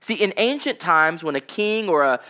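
A pastor in his thirties preaches to his congregation with a fairly high, voice. He talks casually, with ums and likes, and sinks low and quiet whenever he reads scripture aloud. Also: animated, moderate pace. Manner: conversational preaching with fillers, dropping low for scripture quotes. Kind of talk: sermon.

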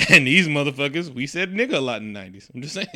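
Bright-voiced rambling man. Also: fairly high pitch, very animated, fast talker. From San Francisco Bay Area. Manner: loose, rambling, laughs a lot, swears freely. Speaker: podcast co-host. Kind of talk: casual profane comedic chat.

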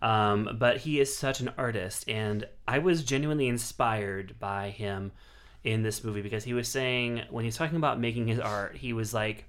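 A man's voice: medium pitch, moderate pace, fairly bright tone, smooth. A man talking as a guest critic, reviewing a film in enthusiastic, rambling casual chat with many restarts.

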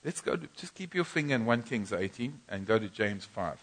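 A man's voice: fairly low pitch, animated, a little fast, a bit bright. A man preaching a sermon in a church, emphatic and repetitive, often restarting phrases.

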